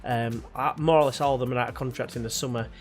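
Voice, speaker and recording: A young man casually commentating his football management game, chatty and excitable, jumping between jokey asides and frustration. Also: medium pitch, fast, soft background music. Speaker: gaming YouTuber.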